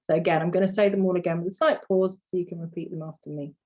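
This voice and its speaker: A woman's voice: on the low side, fairly even intonation, rapid-fire, darkish tone. A woman teaching a phonics lesson, explaining patiently and modelling sounds for learners to repeat. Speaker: language teacher.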